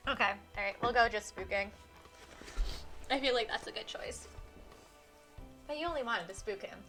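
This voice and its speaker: A woman streaming a visual novel, reading the text aloud and reacting with giggles and animated comments. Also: fairly high pitch, normal speed, soft background music.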